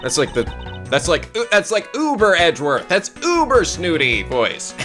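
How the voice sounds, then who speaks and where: A man giving casual, joking gameplay commentary, excitable and swearing often. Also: a little high, a little slow, faint music behind. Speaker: video game let's player.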